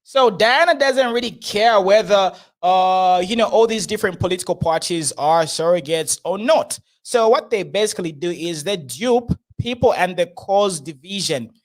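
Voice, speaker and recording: High-voiced man commenting. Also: lively intonation, moderate pace, hardly any pauses. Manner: chatty, laughs often. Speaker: host. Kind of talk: casual political commentary.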